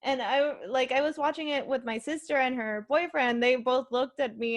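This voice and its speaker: A woman's voice: high-pitched, moderate pace, few pauses. A young woman hosting a podcast, reviewing a movie in casual, rambling chat full of fillers. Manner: rambling, filler-heavy, emotional. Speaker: podcast host.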